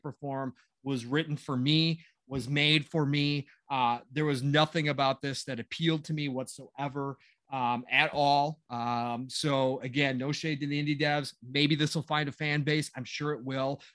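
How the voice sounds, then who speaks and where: A man in his forties chats casually about games with a co-host. His voice sits a little high for a man, and the sound is dry and close. He rambles, fills gaps with "uh" and "um", and turns sarcastic often. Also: little pitch movement, normal speed, fairly bright tone, no room sound. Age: 40s. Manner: sarcastic, rambling with many fillers. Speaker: podcast co-host. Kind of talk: casual gaming chat.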